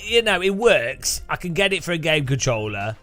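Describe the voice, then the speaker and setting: This racing-game streamer sounds fairly high-pitched and very animated, speaking at a moderate pace with a slightly bright tone. Soft music runs underneath as he rambles casually to viewers, mocking himself and chuckling a lot.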